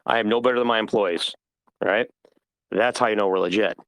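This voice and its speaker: A man's voice: lowish voice, steady tone, a little fast, fairly bright tone, dry recording. A man hosting an ask-me-anything, talking off the cuff in a blunt, rambling way and swearing freely. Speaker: project founder hosting an AMA. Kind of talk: casual unscripted monologue.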